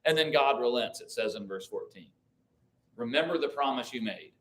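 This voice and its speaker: A man's voice: medium pitch, animated, normal speed. A man teaching a church Bible class, thinking aloud with restarts, reading verses and asking the group questions. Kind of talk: conversational Bible study teaching.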